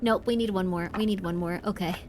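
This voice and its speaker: A woman streaming a horror game live, chatting in a rambling way, full of "like", venting about the combat and then softening. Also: on the low side, steady tone, quick pace, background noise. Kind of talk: live gameplay commentary. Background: game music.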